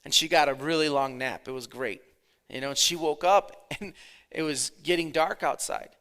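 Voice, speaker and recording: A pastor in his thirties giving a conversational sermon, dropping his voice low and then swelling for emphasis. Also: moderate pace, pushed and bright.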